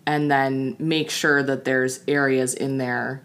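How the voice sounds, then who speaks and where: A woman with a low voice co-hosts a podcast in a relaxed, chatty way. She is playful and quick to giggle. She sounds like she is in her thirties. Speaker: podcast co-host. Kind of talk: casual chat.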